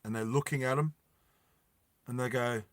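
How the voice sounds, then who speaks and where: A man's voice: mid-range voice, fairly even intonation, dry recording. A man telling a story casually to his viewers, with many fillers. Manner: slow, with fillers, addresses viewers.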